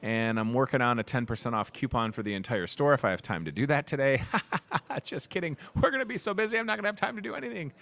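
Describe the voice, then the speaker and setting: A man hosting a lively talk show inside a grocery store, joking and rattling off deals. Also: mid-range voice, gravelly. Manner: energetic, joking, rapid-fire deal listing. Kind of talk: upbeat promotional chat.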